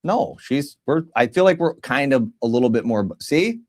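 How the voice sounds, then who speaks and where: A man's voice: medium pitch, moderate pace. A man co-hosting a podcast, telling a story in casual slangy chat and acting out what other people said. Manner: animated storyteller, slangy, acts out others' lines. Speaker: podcast co-host.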